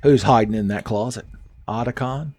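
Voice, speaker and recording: A man giving joking, casual commentary while playing a video game, jumping up in pitch when excited. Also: moderate pace, dry recording. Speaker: let's play host.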